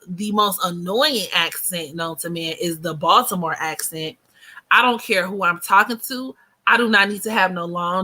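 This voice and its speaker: An American woman in her thirties hosts a casual livestream chat, talking in a blunt, slangy, joking way. Her voice is medium-pitched with a sharp tone.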